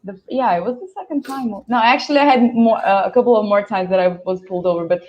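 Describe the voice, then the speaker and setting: A Brazilian woman whose first language is Portuguese, speaking English with a Brazilian accent, telling a lively story on a video call and acting out the voices in it. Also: mid-range voice, quick pace, lo-fi sound. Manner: animated, laughing, acts out quoted voices. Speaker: guest English teacher. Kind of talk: storytelling in a live online panel.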